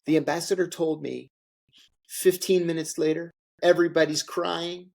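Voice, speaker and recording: A man's voice: a little high, moderate pace, a little mellow. Emphatic storytelling man. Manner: emphatic, repeats phrases for effect, acts out quotes. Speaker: interview guest, former intelligence officer. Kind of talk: candid conversational storytelling.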